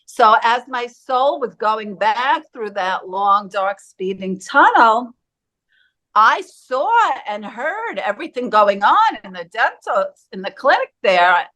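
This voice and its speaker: A woman's voice: on the high side, sing-song, slow, a bit bright. A woman as an interview guest, telling her personal story in an earnest, vivid way and acting out quoted voices.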